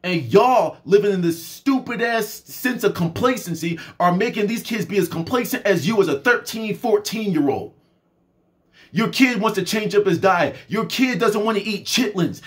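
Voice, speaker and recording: Young male vlogger, high-pitched, fervent straight-to-camera rant. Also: a bit bright. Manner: fervent, preachy, talks straight to the audience. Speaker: spiritual and health vlogger.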